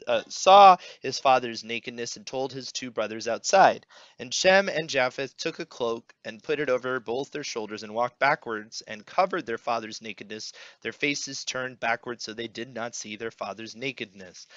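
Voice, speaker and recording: Young male podcast co-host, bright forceful tone, dry and slightly dull audio, friendly scripture reader. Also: mid-range voice, dry recording. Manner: relaxed, friendly, reads scripture aloud with pauses. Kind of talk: casual Bible reading podcast.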